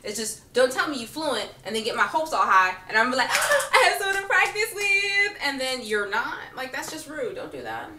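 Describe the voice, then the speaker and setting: A woman's voice: on the high side, brisk, hardly any pauses, reverberant, recorded from a distance, a little hiss or hum. A woman telling a comic personal story in a casual, sassy way, laughing often and acting out what people said. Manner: animated, sassy, laughs often, acts out quotes. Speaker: vlogger.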